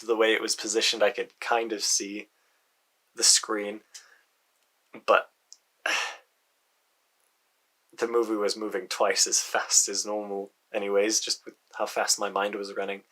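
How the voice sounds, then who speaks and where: A man with a low, husky voice that still has a bright, forceful edge. He tells his story casually and haltingly, pausing to sigh and restarting his sentences. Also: completely flat delivery. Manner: halting, with frequent sighs and restarts. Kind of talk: casual first-person storytelling.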